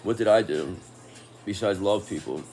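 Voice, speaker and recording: A man's voice: lowish voice, normal speed, a little mellow, faint music behind. A man giving a casual tarot reading, talking in an angry, profane and confrontational way. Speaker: tarot reader.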